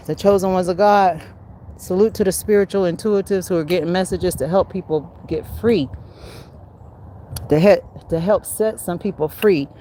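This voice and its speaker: A woman hosting her own livestream, talking casually and preachily about spiritual warfare, laughing often and swinging from loud bursts down to low mutters. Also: a little hiss or hum. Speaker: livestream host.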